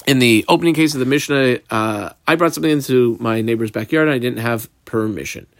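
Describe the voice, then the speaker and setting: Teaching his daf yomi session, a man works through the Aramaic text, translating as he reads, leaning on fillers often and noting the marks and underlining on his page. He speaks in a mid-range voice at a fairly quick pace, recorded in studio quality without room sound.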